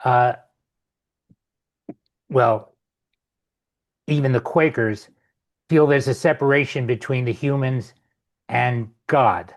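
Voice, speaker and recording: A man's voice: medium pitch, slow pace, pauses often. A man hosting a podcast, posing a question hesitantly while searching for words. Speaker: podcast host. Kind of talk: interview question.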